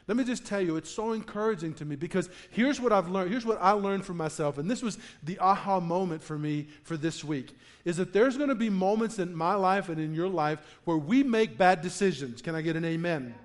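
Lively, high-voiced male pastor. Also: fairly quick, hardly any pauses. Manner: animated storyteller, acts out quotes with laughter. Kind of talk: sermon with a personal story. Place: church in front of a congregation.

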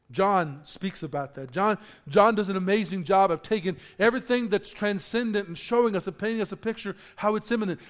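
Preaching to his congregation, this male pastor moves back and forth between forceful proclamations and low, explanatory passages. He tends to repeat himself and start over, and he keeps asking the listeners questions.

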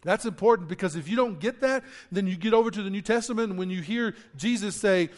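A man preaching a sermon, swinging from loud emphatic declarations to low explanations, often repeating himself and putting questions to the congregation. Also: fast talker, few pauses. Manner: repeats words and restarts, asks the congregation questions. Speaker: pastor.

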